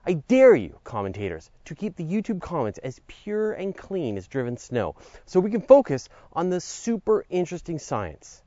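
A man's voice: on the high side, big pitch swings, normal speed, hardly any pauses, mellow, no room sound, highs cut off. A man hosting a podcast, reading a scripted science script with a playful, jokey manner and theatrical asides. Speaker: podcast host.

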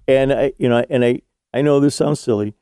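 A man's voice: medium pitch, a little fast, warm tone, clean tone, no echo, clean studio sound. A middle-aged man hosting a faith podcast, enthusiastic and affirming as he interviews his guest. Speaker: podcast host. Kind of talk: casual faith conversation.

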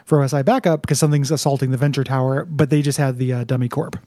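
A man co-hosting a podcast, recapping an episode in a relaxed, casual chat and laughing often. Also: medium pitch, quick pace, no echo, studio quality. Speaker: podcast co-host.

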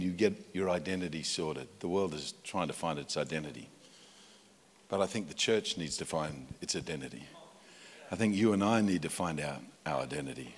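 Australian pastor preaching in an echoing hall. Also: male voice. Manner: conversational, swings from loud emphatic highs to quiet low asides. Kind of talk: sermon. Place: church. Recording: long hall reverb in a church.

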